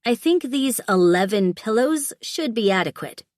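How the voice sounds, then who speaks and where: A woman's voice: fairly high pitch, expressive, moderate pace, no room sound, studio quality, pitched above the performer's own voice, natural voice. A woman voicing a young heroine in an audiobook, light, teasing and questioning. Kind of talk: audiobook character voice.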